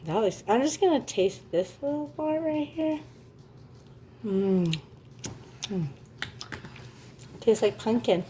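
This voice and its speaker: A woman's voice: on the high side, animated, slow pace, long pauses, mellow, slight background noise. A woman hosting a casual family vlog, gushing and encouraging in a motherly way. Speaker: family vlog host, parent.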